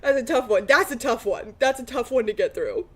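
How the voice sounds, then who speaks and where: A woman's voice: a little high, lively intonation, brisk, husky. A woman chatting casually with her stream viewers and breaking into frequent laughing fits. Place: room lit by natural light.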